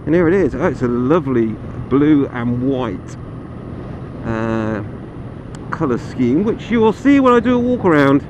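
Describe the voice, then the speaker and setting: A man's voice: mid-range voice, sing-song, unhurried, highs cut off. A man chatting casually and self-deprecatingly as he reviews a motorcycle while riding it outdoors, with plenty of ums and uhs. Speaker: motorcycle vlogger reviewing a bike. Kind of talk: casual ride-along review. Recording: loud wind and engine noise.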